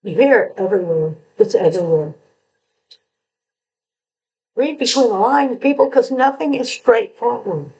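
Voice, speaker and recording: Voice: mid-range voice, animated, unhurried, long pauses, darkish tone, muffled recording. A true crime commentator analysing a confession letter, who lectures with emphasis and asks rhetorical questions.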